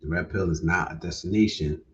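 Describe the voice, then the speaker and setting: A man's voice: low-pitched, a little fast. A man hosting a casual livestream, laid-back, repeating his points and often ending with "man". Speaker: livestream host. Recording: distant, dull lo-fi sound.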